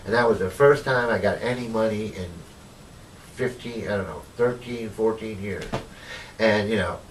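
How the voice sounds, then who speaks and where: A man's voice: lowish voice, normal speed, distant mic, slight background noise, low-quality recording. A formerly homeless man telling his life story in an interview, rambling with lots of "you know" and retelling what people said to him. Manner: rambling, full of "you know" and retold dialogue.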